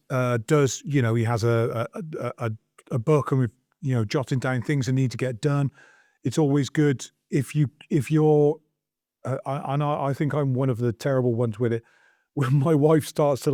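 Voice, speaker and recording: A man's voice: medium pitch, darkish tone, no room sound, studio quality. A man co-hosting a casual podcast chat, rambling and self-deprecating as he acts out little everyday scenes. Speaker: podcast co-host, artist.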